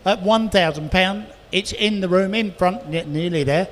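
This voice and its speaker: A man working as an auctioneer, calling bids quickly and adding chatty asides about each car. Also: sits high. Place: auction hall, indoors. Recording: reverberant hall with faint noise.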